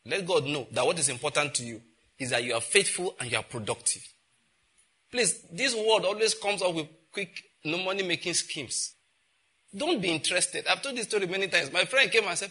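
A middle-aged Nigerian man preaching a sermon, telling stories and acting out conversations in an animated way. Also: brisk, slightly rough. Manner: animated storytelling, acts out exchanges with rising pitch and laughter. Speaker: pastor.

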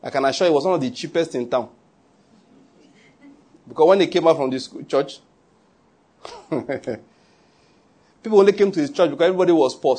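Nigerian male pastor, husky and slightly high, chatty joking sermon delivery. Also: dark tone. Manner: joking, conversational preaching with pidgin asides.

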